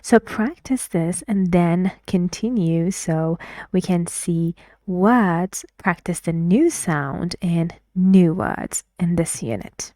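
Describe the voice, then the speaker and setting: A woman's voice: on the low side, slow, hardly any pauses, mellow, no room sound, studio quality. A woman teaching English pronunciation, modelling vowel sounds again and again and explaining step by step. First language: Persian. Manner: models sounds repeatedly, switching between Persian explanation and English. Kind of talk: slow pronunciation lesson.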